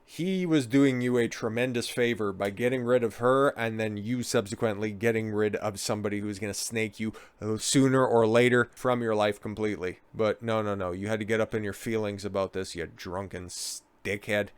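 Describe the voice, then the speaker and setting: A man's voice: fairly low pitch, fairly even intonation, moderate pace, few pauses, clean tone, dry recording. A man giving crude, sarcastic commentary while reading out a news story. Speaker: online commentator.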